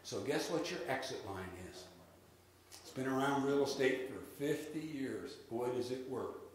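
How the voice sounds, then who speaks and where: A man giving a live sales seminar, lively and drilling the audience in call-and-response. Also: mid-range voice, moderate pace. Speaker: real estate sales trainer. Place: large room with an audience. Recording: echoey hall with faint noise.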